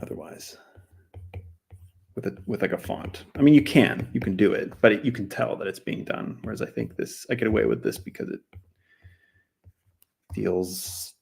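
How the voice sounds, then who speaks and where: A man's voice: on the low side, normal speed, creaky, pauses often, darkish tone, husky. A man chatting casually while he draws on a stream, rambling and thinking aloud. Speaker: artist streaming while drawing. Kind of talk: casual chat. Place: lives in Germany.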